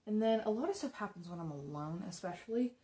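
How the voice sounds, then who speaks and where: A woman's voice: medium pitch, lively intonation, quick pace, dark tone. A young woman casually telling stories while doing her makeup, chatty and rambling, swearing freely. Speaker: makeup streamer.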